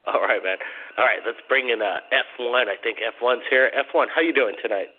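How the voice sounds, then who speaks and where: A man's voice: mid-range voice, a little fast, a little hiss or hum. A man hosting a call-in radio show, chatting casually and rambling, repeating his questions to callers. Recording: tinny phone-like audio.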